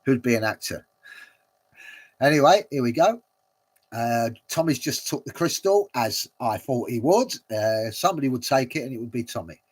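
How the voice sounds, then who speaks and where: A man's voice: mid-range voice, animated, normal speed, slightly rough. A man hosting a watch-along, commenting casually and rambling with many fillers and frequent chuckles.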